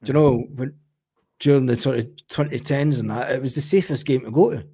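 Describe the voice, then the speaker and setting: A Scottish man swapping swearing, animated anecdotes in a casual podcast chat. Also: mid-range voice, fairly quick, breathy edge. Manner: animated storyteller, swears freely. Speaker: podcast guest or panelist.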